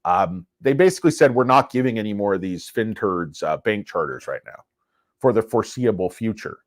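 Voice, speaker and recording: A man hosting a stock investing channel, giving casual, rambling market commentary in an excitable, self-mocking way. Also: fairly low pitch, fairly quick, dry recording, clean studio sound.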